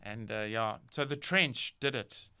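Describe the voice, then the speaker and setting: Bright-voiced man chatting. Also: mid-range voice, measured pace, smooth. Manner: rambling, teasing, many restarts and fillers. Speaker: podcast host. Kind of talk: casual chat.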